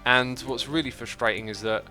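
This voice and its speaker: A man's voice: medium pitch, fairly even intonation, normal speed, bright, forceful tone, soft background music. A man casually chatting with viewers on a livestream as he plays, reading chat messages aloud and thinking aloud with frequent fillers and restarts.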